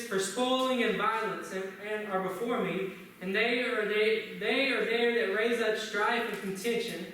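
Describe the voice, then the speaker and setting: A man's voice: sits high, steady tone, measured pace, bright, forceful tone, a little hiss or hum. A man preaching a sermon in church, opening with prayer and asking the congregation many questions. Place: church sanctuary. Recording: echoey church room, from a distance.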